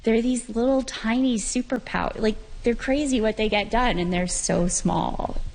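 A woman's voice: on the high side, moderate pace, darkish tone. A woman rancher talking casually and earnestly in an outdoor interview on her ranch. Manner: earnest, heartfelt, conversational with fillers.

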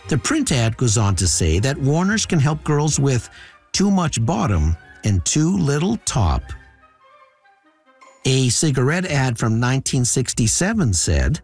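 A man's voice: mid-range voice, big pitch swings, a little slow, darkish tone, soft background music. A man narrating commentary on old advertisements in a wry, storytelling way.

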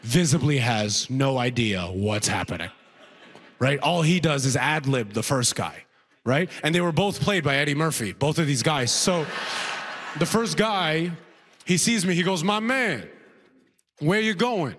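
A man telling a stand-up comedy story, animated and chuckling at his own jokes. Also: a little slow, slight background noise. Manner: animated, swings from high to low for punchlines.

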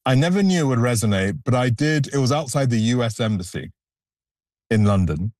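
A man's voice: mid-range voice, animated, brisk, darkish tone, no echo. A male photographer answering interview questions in an earnest, reflective way, stressing key points. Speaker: photographer, guest.

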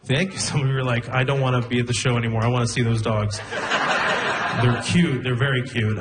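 A young man doing a stand-up comedy set, telling stories deadpan, laughing at his own lines and acting out other people. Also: high voice, background noise. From immigrant to Canada. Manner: deadpan storytelling, breaks into laughter, acts out voices. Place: comedy club stage with audience.

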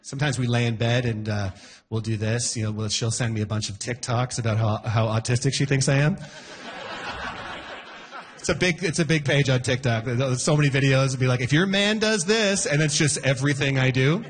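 A man in his forties doing a stand-up comedy set, shouting character voices for punchlines. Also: mid-range voice, fairly even intonation, a little fast.

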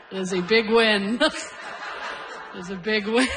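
A woman's voice: medium pitch, low-quality recording. Brash woman in her forties doing stand-up. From Canada. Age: 40s. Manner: brash, self-deprecating storytelling. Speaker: stand-up comedian. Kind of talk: stand-up comedy set. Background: audience laughter.

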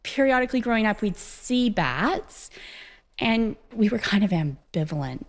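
A woman's voice: mid-range voice, very animated, normal speed. A woman rancher speaking earnestly and from the heart in an interview.

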